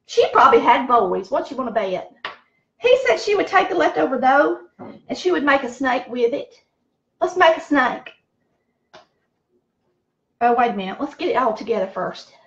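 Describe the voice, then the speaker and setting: A woman's voice: high-pitched, big pitch swings, normal speed, pauses often, highs cut off. A middle-aged woman with a Southern American accent, chatting folksily as she cooks in her home kitchen. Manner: folksy, chatty, talks to viewers as y'all. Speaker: cooking show host. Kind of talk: casual cooking chat.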